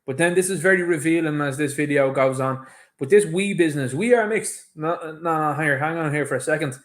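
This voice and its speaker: Irish male host, somewhat high-pitched, emphatic opinion commentary, mocks others. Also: a little fast. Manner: emphatic, indignant, mimics others mockingly. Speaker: show host. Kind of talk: opinion commentary on a played clip.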